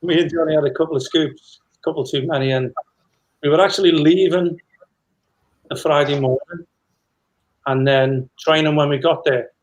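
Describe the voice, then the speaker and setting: A man's voice: fairly high pitch, steady tone, normal speed, long pauses, low-quality recording. A middle-aged man, a former footballer, telling anecdotes in a rambling casual chat with many restarts.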